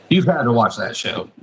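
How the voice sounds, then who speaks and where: A man hosting a casual interview, relaxed and prompting his guest with short questions. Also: a little high, poor audio. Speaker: host.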